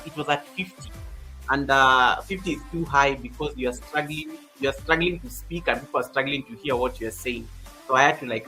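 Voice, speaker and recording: Bright-voiced chatty male livestream host. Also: mid-range voice. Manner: chatty, repeats phrases, greets viewers by name. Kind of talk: casual livestream chat. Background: faint background music.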